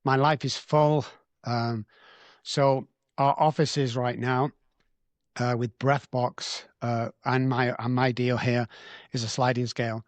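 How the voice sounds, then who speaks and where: A man's voice: medium pitch, level tone, slow, no room sound. A middle-aged man from England, a guest on a podcast, telling his recovery story in a blunt, heartfelt way and swearing freely. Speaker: guest, addiction recovery doctor. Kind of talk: emotional storytelling in a podcast interview.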